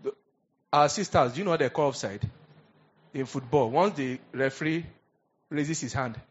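A man preaching a sermon as pastor, animated, swinging from hushed asides to loud emphatic bursts. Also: fairly high pitch, normal speed, husky, muffled recording.

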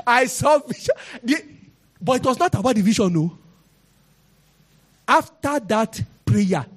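A man's voice: very high-pitched, a bit bright. A man with a Nigerian accent preaching a sermon and telling his own testimony, acting out the people he quotes.

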